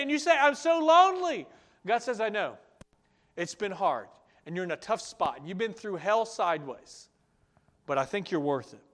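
A male pastor giving a sermon, acting out his listeners' objections and then dropping to a soft, earnest tone to reassure them. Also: high voice. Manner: animated, acts out listeners' objections in raised voices.

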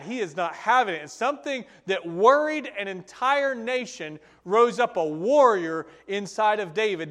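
A man preaching a sermon, telling a Bible story in an animated, conversational way. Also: sits high. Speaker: pastor.

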